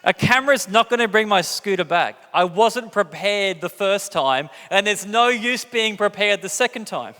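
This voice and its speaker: Pastor, male, slightly high voice, relaxed storytelling sermon with jokes, church hall reverb. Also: normal speed, few pauses. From England. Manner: conversational, jokey, acts out quotes with big pitch jumps.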